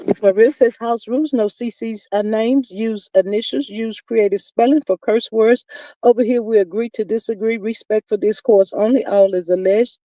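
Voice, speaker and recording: A woman's voice: a little high, normal speed, no room sound, rough recording. A woman hosting a casual livestream, reading out chat comments with sass, calling people honey and child, a little stuffy from her sinuses. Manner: sassy, animated, drawls terms like honey and child. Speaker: livestream host.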